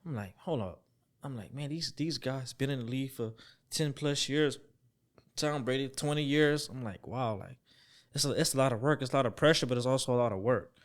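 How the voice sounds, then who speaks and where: A young man telling a story as a podcast guest, acting out the voices he quotes, dropping to near-whispers and then jumping up loud. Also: mid-range voice, brisk. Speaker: podcast guest, former football player. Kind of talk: storytelling in a casual interview.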